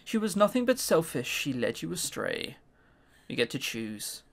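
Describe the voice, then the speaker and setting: A man doing a hushed, sinister possessive mother. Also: very animated, moderate pace, gravelly, exaggerated voice. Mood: menacing. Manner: quiet, low and sinister. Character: cold possessive mother, menacing and soft-spoken.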